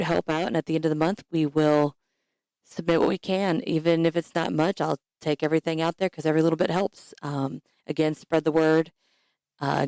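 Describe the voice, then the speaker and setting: A woman hosting a podcast who is hoarse and raspy, chatting casually and rambling with fillers. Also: low voice, a little mellow, dry recording, studio quality. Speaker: podcast host.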